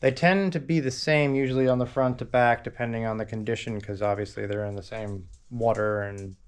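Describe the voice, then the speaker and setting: A man's voice: mid-range voice, steady tone, brisk, clear, resonant tone. A man working on a car in his repair shop, chatting casually and joking with playful rhymes. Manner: playful, rhyming wordplay and banter with his dog. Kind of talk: casual workshop vlog. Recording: noisy workshop with tool clicks.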